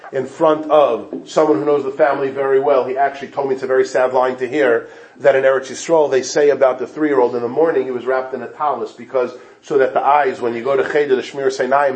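Echoey, impassioned man preaching a sermon. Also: mid-range voice. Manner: emotional, moving from hushed to impassioned. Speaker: speaker at an evening gathering. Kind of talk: sermon with storytelling. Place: synagogue hall. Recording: echoey room.

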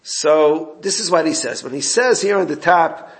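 A man's voice: on the high side, animated, moderate pace. A man giving an informal Torah class, explaining a text and recounting exchanges with his students. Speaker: Torah teacher.

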